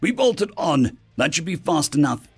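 A scarred, reckless human spacer, as a male narrator voices him speaks with a thick accent and a blunt, offhand manner. The voice is lifted and lively, with faint music behind this storybook reading. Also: a little high, normal speed, creaky, breathy edge, pitched above the performer's own voice, exaggerated voice. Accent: thick foreign accent.

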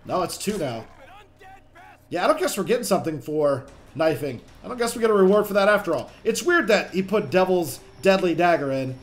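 Chatty high-voiced young man gaming. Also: brisk. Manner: chatty, excitable, swears under pressure. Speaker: gaming channel host. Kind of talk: casual gameplay commentary.

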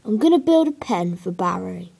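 A woman's voice: medium pitch, big pitch swings, normal speed, creaky, mellow, breathy edge. A woman giving casual gameplay commentary, hesitant and rambling with many fillers. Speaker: gaming video creator.

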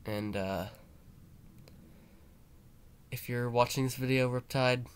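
A man's voice: medium pitch, fairly even intonation, normal speed, fairly bright tone, a little hiss or hum. A man with a cold and a stuffy nose, rambling in a mock-serious, mournful way and swearing a lot in a casual vlog. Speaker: YouTuber.

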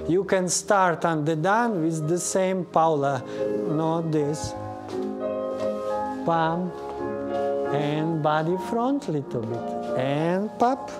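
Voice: medium pitch, extremely slow, pauses often. A ballet teacher, a native Russian speaker with a Russian accent, counting beats and correcting students by name during a class in a studio. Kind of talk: live ballet class instruction. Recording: class music playing behind. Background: piano accompaniment.

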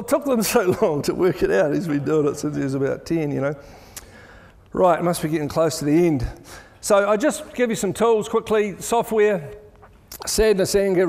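Middle-aged New Zealand man, keynote speaker, chatty and jokey, fairly high voice, long hall reverb. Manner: chatty, jokey, animated storytelling. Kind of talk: conference talk. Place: large event hall.

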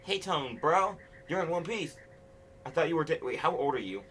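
A man's voice: a little high, expressive, normal speed, fairly bright tone, a little hiss or hum, pitched above the performer's own voice. A man voicing a brash young village boy who calls everyone bro, during a game playthrough. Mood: cocky.

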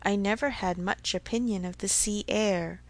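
Reading a character for an audiobook, a woman voices a fussy, anxious elderly father who frets fondly over his family's health and keeps repeating endearments. She speaks in her natural voice at medium pitch and moderate pace, with fairly even intonation.

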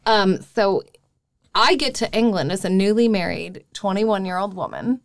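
A woman in her thirties from Wisconsin, a podcast guest telling her story in lively casual chat. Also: medium pitch, moderate pace, dry recording. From Wisconsin, USA. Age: 30s. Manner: lively, acts out quoted exchanges.

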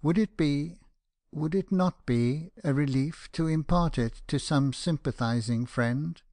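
A man voicing a gentle, sympathetic lady. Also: a little high, a little slow, no room sound, studio quality. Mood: tender. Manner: soft, tender, hesitant. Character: gentle sympathetic older woman.

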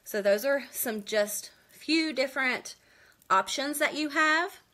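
Bright, bubbly woman hosting a makeup live stream. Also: high voice. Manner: bubbly, quick, greets viewers by name and laughs often. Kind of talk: chatty live makeup tutorial. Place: at home indoors.

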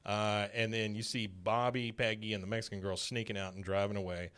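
A podcast host with a lowish, fairly flat voice talks fairly quickly in a bright, clear, resonant tone. He casually recaps a cartoon episode, retelling scenes and quoting characters in light, passing put-on voices.

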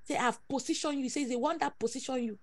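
A high-pitched woman leads a prophetic prayer session. She presses her points with emphatic repetition and sudden exclamations. The sound is dry and close, with no room around it. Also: fast, no echo. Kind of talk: prophetic sermon over prayer call.

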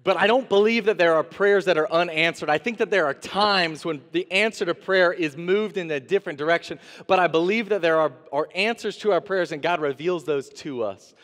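A man, an interim pastor, preaching a sermon with animated delivery, acting out the prophet's pleas and God's replies. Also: high-pitched, fairly quick, hardly any pauses. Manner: animated preaching, acts out voices of God and the prophet. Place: church sanctuary. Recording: long reverb of a church sanctuary.

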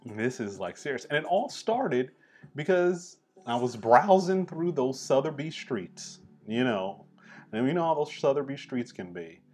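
A man hosting a casual art appreciation vlog, talking in a relaxed, chatty, enthusiastic way. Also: medium pitch, a little slow, breathy edge, soft background music. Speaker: host.

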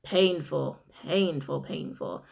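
A woman's voice: sits low, slow pace, gravelly, a little mellow, slightly rough. A woman giving a casual tarot reading, musing aloud and repeating her phrases. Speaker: tarot reader.

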